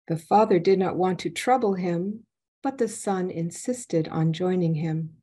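A woman telling a folk tale aloud in an expressive storytelling manner. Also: fairly low pitch, unhurried, breathy edge. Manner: expressive, lively delivery. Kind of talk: storytelling narration.

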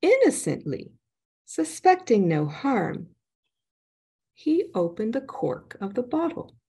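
A woman telling a folk tale aloud in an expressive storytelling manner. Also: on the high side, slow pace, breathy edge. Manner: expressive, lively delivery. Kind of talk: storytelling narration.

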